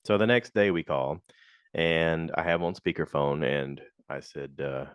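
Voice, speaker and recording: A man with a deep, low voice tells a casual story on his podcast. He talks frankly and complains as he goes, and acts out the people in it. The recording is close and dry, with no room sound. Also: a little slow, clear, resonant tone, no room sound. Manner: animated, slips into quoted voices. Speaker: podcast host.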